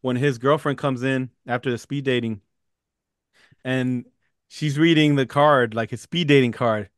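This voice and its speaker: A man co-hosting a casual movie podcast, animated and laughing as he retells scenes. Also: mid-range voice, a little slow, clear, resonant tone, no echo, clean studio sound. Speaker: podcast co-host.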